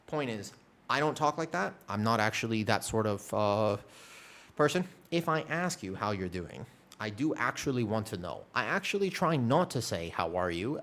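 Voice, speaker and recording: A man's voice: lowish voice, a bit bright. A man streaming, chatting casually with viewers, rambling and self-deprecating, swearing casually.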